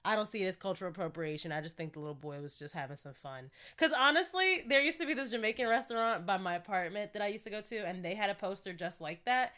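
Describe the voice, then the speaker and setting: A woman's voice: medium pitch, fast talker, few pauses. Chatty young woman podcast host. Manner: chatty, laughs often, candid and animated. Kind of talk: casual solo podcast chat.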